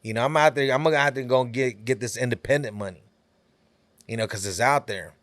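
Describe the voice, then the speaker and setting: Here the same kind of California-born rapper, speaking with a Texas Southern twang, talks casually on a podcast in a mid-range, slightly bright voice that moves a little fast. The recording is dry, and his easygoing chatter is full of "you know."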